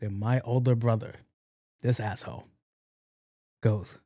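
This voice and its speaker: A young man hosts his own podcast and spins a funny story in a loose, swearing, lively manner. His voice sits in a medium pitch range. It sounds close to the mic and dry, with almost no room sound. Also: a little slow, pauses often, no echo. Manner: animated, profane, laughs at his own story. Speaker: podcast host. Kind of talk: casual comedic storytelling monologue.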